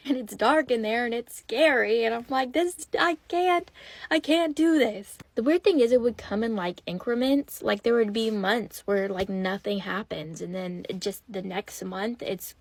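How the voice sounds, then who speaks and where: A woman chattily telling ghost stories about her old house in a lively, conversational way. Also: mid-range voice, creaky. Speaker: storyteller. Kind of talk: casual storytime.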